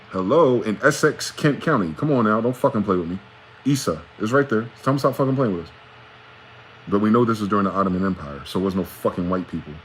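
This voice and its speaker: A man talking in a rambling, profane late-night monologue, swinging from loud outbursts to low muttering. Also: quick pace, echoey room, a little hiss or hum. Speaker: vlogger.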